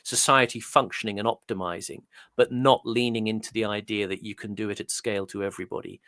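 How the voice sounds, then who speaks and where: A man's voice: on the low side, steady tone, fast talker, a bit bright, no echo, clean studio sound. A man as a guest, musing at length in thoughtful, rambling commentary with hesitant restarts. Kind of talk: conversational commentary.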